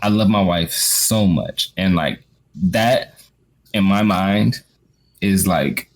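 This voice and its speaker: A man's voice: deep voice, slow. A man co-hosting a podcast, speaking earnestly in casual chat, often restarting and repeating words. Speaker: podcast co-host.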